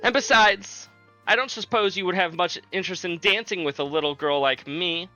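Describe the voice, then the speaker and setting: A man's voice: high voice, normal speed, pushed and bright, faint music behind. A man putting on a teasing teen princess. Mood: teasing, polite. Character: young princess, girl of fifteen, playful and teasing. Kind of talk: reading game dialogue aloud on a livestream.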